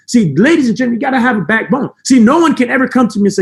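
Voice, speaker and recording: A man with a non-native English accent giving a fast, intense motivational talk to a team of agents. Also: very high voice, lively intonation, gravelly. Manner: intense, emphatic, fast-talking. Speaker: motivational speaker. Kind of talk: high-energy motivational talk. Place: room with a camera.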